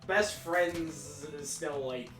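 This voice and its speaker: A man's voice: on the high side, slow. A man chatting casually while playing a video game, rambling and laughing often. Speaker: let's play co-host. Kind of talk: casual gaming chat. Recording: roomy voice from a distance with game music.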